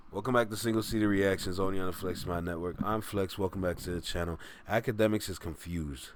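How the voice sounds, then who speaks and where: A man hosting a casual livestream reaction, fast-talking and joking, who calls himself a motor mouth. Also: low-pitched, lively intonation, slight background noise. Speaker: reaction streamer host.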